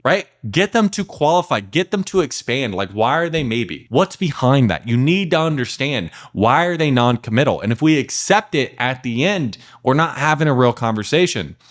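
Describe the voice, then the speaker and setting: Blunt, emphatic male sales coach. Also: mid-range voice. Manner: blunt, emphatic, swears casually, acts out prospects' lines. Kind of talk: direct-to-camera sales coaching.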